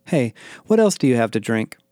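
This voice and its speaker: A man's voice: medium pitch, big pitch swings, fairly quick, warm tone, dry recording, studio quality, lightly acted. A man voicing a bossy, motherly teenage girl who whines and scolds in a raised voice. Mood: whiny. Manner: whiny, defensive, scolding.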